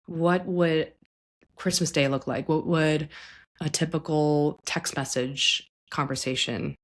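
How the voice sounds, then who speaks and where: A woman therapist hosting a podcast, talking gently and reflectively about family and healing, sometimes acting out what clients and their parents might say. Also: low voice, steady tone, slow pace. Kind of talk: conversational psychology talk.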